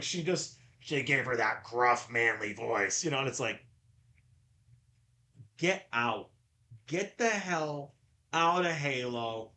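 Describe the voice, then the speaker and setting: Slow, rambling male podcast host. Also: mid-range voice, sharp tone. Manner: rambling, stammers and repeats words. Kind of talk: casual chat.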